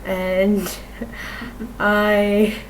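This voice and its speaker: A woman's voice: medium pitch, level tone, extremely slow, slight background noise, rough recording. A woman rambling casually in a home vlog, swearing and laughing easily as she talks. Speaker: vlogger. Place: room at home.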